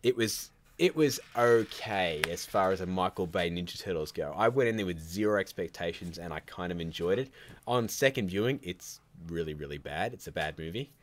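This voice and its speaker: This is a man with a very low voice hosting a casual live stream from home. He rambles through blunt, opinionated takes, cutting himself off and circling back as he goes. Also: animated, moderate pace, a little hiss or hum. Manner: rambling, opinionated, self-interrupting. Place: at home by a computer, child nearby.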